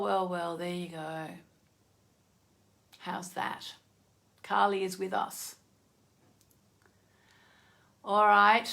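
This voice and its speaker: A woman's voice: fairly high pitch, creaky. A middle-aged woman hosting a live stream, chatting casually and effusively as she reads oracle cards. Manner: chatty, easily sidetracked, effusive.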